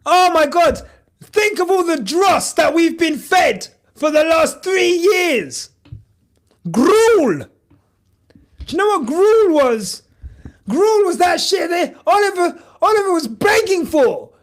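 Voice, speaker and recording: A man hosting a podcast, giving excitable, shouty live reaction commentary and swearing a lot. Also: extremely high pitch, slow pace. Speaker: podcast host.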